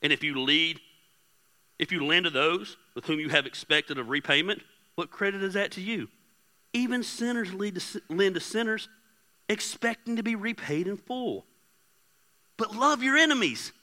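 A man preaching a sermon, candid and joking with his congregation, swinging between soft asides and loud emphatic bursts. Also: high-pitched, normal speed. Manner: candid, joking, talks straight to the crowd. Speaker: pastor. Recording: hall reverb.

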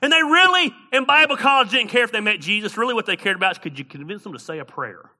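Middle-aged male pastor, very bright and forceful tone, higher than most men; sermon delivery that swings between loud and hushed, folksy slang. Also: expressive, quick pace. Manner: swings between loud preaching and quiet storytelling.

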